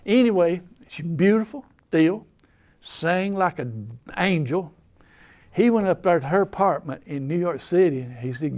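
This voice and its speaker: A man's voice: high voice, animated, measured pace, a little mellow. An older man with an Appalachian accent, telling rambling, folksy stories in casual talk. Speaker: storyteller. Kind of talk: casual storytelling.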